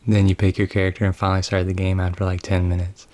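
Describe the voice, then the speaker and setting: A man with a deep, dark voice recaps a game's story with dry sarcasm. His delivery barely moves in pitch, staying level and unimpressed throughout. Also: quick pace, few pauses, faint music behind. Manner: deadpan, mocking. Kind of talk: comedic sarcastic story summary.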